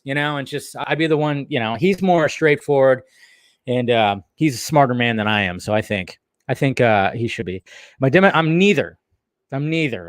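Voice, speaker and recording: A man's voice: medium pitch, dry recording, studio quality. A man hosting a casual live stream, talking loosely and chatting with his viewers. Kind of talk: casual livestream chat.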